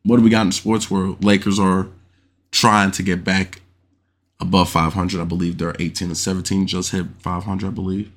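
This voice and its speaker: A young man with a somewhat low voice hosts a casual solo podcast. He tells stories in slang, swears freely, and keeps checking in with the listener. When he acts out other people's shouts, he jumps up high. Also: level tone, normal speed. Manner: swears freely, uses slang fillers like "you know what I'm saying". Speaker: podcast host.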